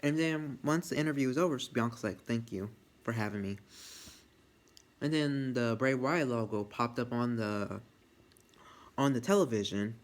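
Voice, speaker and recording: Man, casual wrestling reviewer, rambles and swears, gets loudly excited, mid-pitched voice. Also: moderate pace. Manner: excitable, rambling, swears freely, restarts often.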